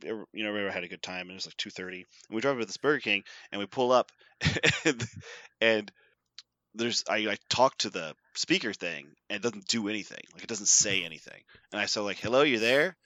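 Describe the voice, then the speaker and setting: A man's voice: lowish voice, brisk, bright, forceful tone, no room sound. A young man on a podcast telling a story in casual chat, acting out quotes and laughing often. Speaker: podcast host.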